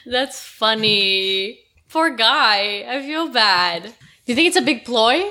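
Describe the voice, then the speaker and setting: High-voiced amused woman co-host. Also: expressive, slow, pushed and bright. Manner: laughs often, amused reactions. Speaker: podcast co-host. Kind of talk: casual chat.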